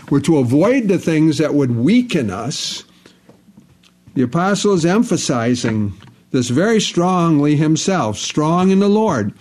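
A man's voice: a little high, a little mellow. A man preaching a sermon, stressing points by restating phrases over and over. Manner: repetitive, emphatic, restates phrases.

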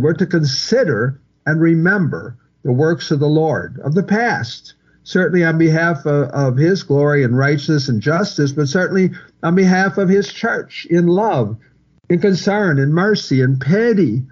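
A man's voice: a little high, moderate pace, a little mellow. A man preaching an expository sermon verse by verse, earnest and repetitive, often restarting phrases for emphasis. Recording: muffled lo-fi recording.

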